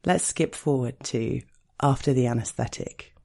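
Gravelly, mellow man reading intimately. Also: mid-range voice. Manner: slow, intimate, hushed storytelling. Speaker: narrator. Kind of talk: first-person erotic story reading.

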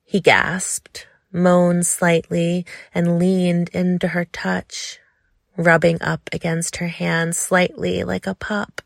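A woman narrating a sensual audiobook story in a slow, measured, soft manner. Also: lowish voice, monotone, creaky, no room sound, clean studio sound.

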